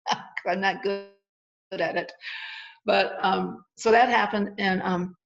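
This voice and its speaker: A woman's voice: medium pitch, fairly even intonation, slow, creaky, highs cut off. A woman guest in an interview, telling a personal story earnestly, with lots of restarts and vivid retelling.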